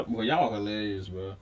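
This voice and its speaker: A young man hosting a reaction video, chatting casually with his viewers and laughing often. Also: fairly low pitch. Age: young adult. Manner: laid-back, talks to viewers, laughs often. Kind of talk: casual chat.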